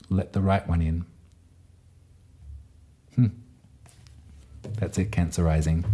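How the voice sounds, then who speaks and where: A man giving a gentle, meandering tarot and astrology reading to his viewers. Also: low-pitched. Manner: gentle, meandering, with frequent fillers. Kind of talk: casual tarot reading to camera.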